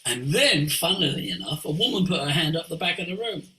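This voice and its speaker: An older man speaks as a voice coach in an animated storytelling manner. His voice is bright and high for a man, and it ranges widely in pitch, from hushed asides to exclaiming. The recording sounds roomy, with audible echo. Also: a little fast. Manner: expressive, with big swings between hushed and exclaiming.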